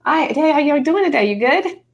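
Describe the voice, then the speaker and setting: Chatty, expressive middle-aged woman host. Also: sits high, normal speed, lo-fi sound. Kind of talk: casual interview chat.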